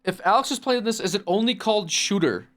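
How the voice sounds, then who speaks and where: A man's voice: high voice, lively intonation, quick pace. A man streaming a game, chatting casually and reading viewer messages aloud. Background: loud background music.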